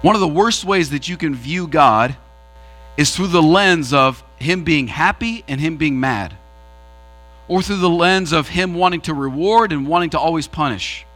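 A man preaching a sermon as pastor to his church, swinging his pitch and pace as he makes his points. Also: moderate pace, fairly bright tone.

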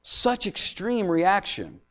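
A man delivering a sermon in a slightly raised voice. He swings between loud, intense passages and quiet, hushed asides, dwelling on each point. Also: high-pitched, sing-song, takes it slowly. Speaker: pastor.

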